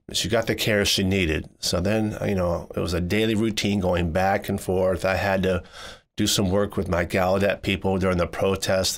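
A man narrating a personal story in the first person, voicing it expressively and jumping higher when he quotes people. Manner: expressive, jumps high when quoting people.

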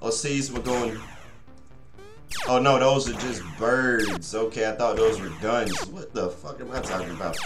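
Cursing heavily and grumbling, a young man hosting a gaming channel rambles to his viewers through a let's play at a normal speed. His medium-pitched voice bounces around an echoey room while faint game music plays underneath.

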